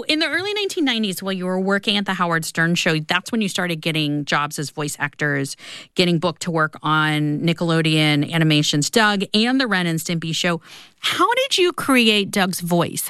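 A woman's voice: on the low side, expressive, moderate pace, fairly bright tone, clean tone, dry recording, clean studio sound. A woman hosting an interview, reading listener emails and asking conversational questions. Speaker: interview host.

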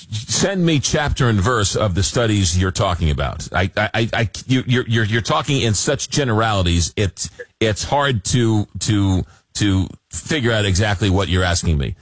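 A low-voiced man hosts a late-night call-in radio show from a studio microphone, reading out listener messages and talking with callers. His delivery is unhurried and halting, with frequent fillers and restarts. The sound is close and dry, with no room around it. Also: animated, no echo. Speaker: radio talk show host.

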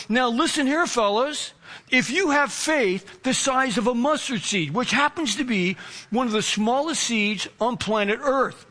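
Pastor guy preaching, real high pitched voice, bright and sharp, tells it like a story. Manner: lively anecdotal storytelling, retells dialogue. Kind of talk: storytelling sermon.

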